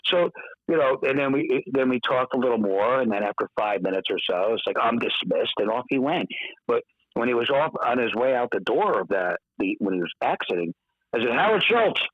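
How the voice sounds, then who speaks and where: A man telling a story in casual podcast chat, lively and acting out the voices of the people he quotes. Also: medium pitch, a little fast, no room sound. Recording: dull, dry podcast audio.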